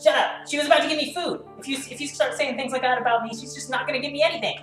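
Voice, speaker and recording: A woman voicing a greedy little male pet creature in a tabletop game, with a high squeaky demanding voice. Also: very fast, echoey room, soft background music, close to an everyday voice. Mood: indignant.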